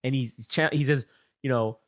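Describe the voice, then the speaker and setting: A man co-hosting a wrestling podcast, retelling a feud in excited, profane, rambling chat on a close mic. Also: mid-range voice, normal speed, no room sound. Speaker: podcast co-host. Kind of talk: casual chat, wrestling recap.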